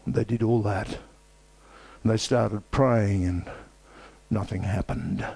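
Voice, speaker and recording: Male preacher, low mellow voice, emphatic repetitive delivery with dramatic pauses. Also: steady tone, vocal fry, breathy edge. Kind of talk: sermon.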